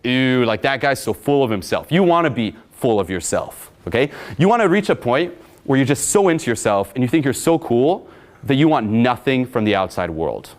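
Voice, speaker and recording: A young man coaching in a loose, swaggering way. His pitch swings a lot as he talks, and he swears freely. He sounds brash and animated. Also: normal speed. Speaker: dating coach. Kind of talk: casual coaching talk.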